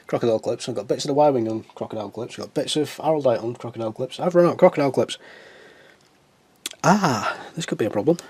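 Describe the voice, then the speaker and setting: A man's voice: medium pitch, fairly bright tone, slightly rough, no echo. A man with a stuffy nose, chatting in a casual, self-mocking way as he works on a scale model. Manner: chatty, self-mocking, talks to himself while working. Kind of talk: casual hobby tutorial chat.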